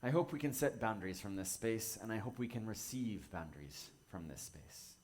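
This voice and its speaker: Gentle, low-voiced male minister. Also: animated. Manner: gentle, measured, reflective. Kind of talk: sermon.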